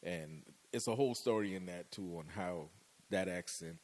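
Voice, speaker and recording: A Bahamian man co-hosting a podcast in casual chat, animated and slangy, laughing often. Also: low-pitched, normal speed. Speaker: podcast co-host.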